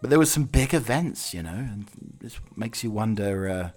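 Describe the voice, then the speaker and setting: A man's voice: lowish voice, lively intonation, moderate pace, darkish tone, soft background music. A Scottish man hosting a podcast, rambling through a jokey, musing comic monologue. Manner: jokey, musing, drifts between tangents. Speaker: podcast host.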